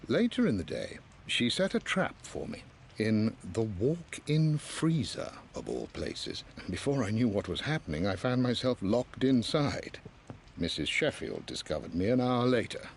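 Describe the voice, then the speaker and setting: A man's voice: on the low side, a little hiss or hum. An older man playing a devoted, patient butler, reading his own letters as game voice-over in a formal, deferential manner.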